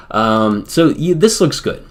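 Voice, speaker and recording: An American man streaming a wargame, talking in a rambling, casual way with lots of fillers. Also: mid-range voice. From United States. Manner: rambling, filler-heavy, chatty. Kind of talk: casual live-stream commentary.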